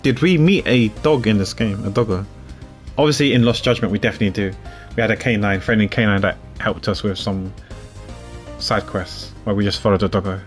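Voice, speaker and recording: A man's voice: fairly low pitch, brisk, faint music behind. Chatty man streaming a game. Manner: chatty, laughs easily, thinks aloud. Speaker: gaming streamer. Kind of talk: casual gameplay commentary.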